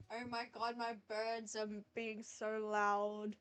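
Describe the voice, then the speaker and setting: Woman streamer, high voice, lively exasperated commentary over faint music. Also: slow, hardly any pauses, smooth. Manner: animated, laughing, exasperated asides. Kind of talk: reading a dating game aloud with commentary.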